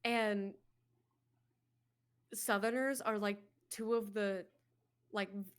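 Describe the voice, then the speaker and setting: A woman's voice: medium pitch, steady tone, slow pace, clean tone. An American woman chatting casually on a game stream, rambling with lots of fillers and restarts. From United States. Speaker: co-streamer guest.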